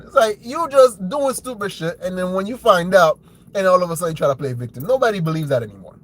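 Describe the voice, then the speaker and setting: Animated man ranting bluntly. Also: quick pace, rough recording. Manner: blunt, profane, mocks opponents in shrill put-on voices; keeps asking "right?". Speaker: host of a commentary show. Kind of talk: opinionated commentary rant.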